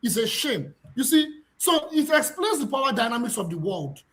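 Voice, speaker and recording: A man holds forth on a panel with a lively, swooping pitch. He repeats himself for emphasis and pushes toward shouting as his passion builds. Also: moderate pace. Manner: passionate, repetitive, rising to near shouts. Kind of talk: heated panel debate.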